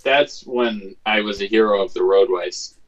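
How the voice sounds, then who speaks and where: Man, casual podcast storyteller, profane and animated, slightly dull lo-fi sound. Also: on the low side, normal speed. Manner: animated, profane, re-enacts quotes. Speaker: podcast co-host.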